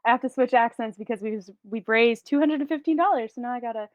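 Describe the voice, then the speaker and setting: A woman's voice: on the high side, fast talker, no echo. A woman running a tabletop role-playing game on a live stream, narrating scenes casually, laughing often and swearing now and then. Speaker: game master. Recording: dry, phone-like audio.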